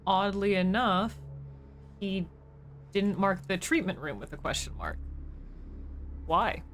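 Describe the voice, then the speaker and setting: A woman's voice: medium pitch, animated, takes it slowly, slight background noise. A woman streamer giving casual live commentary as she plays a game, chatty and joking as she thinks aloud.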